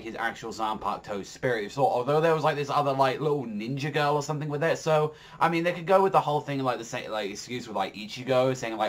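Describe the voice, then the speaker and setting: A man giving a casual spoken manga chapter review. He rambles with lots of fillers, swears freely and gets excitable. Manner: excitable, jumps in pitch when enthused.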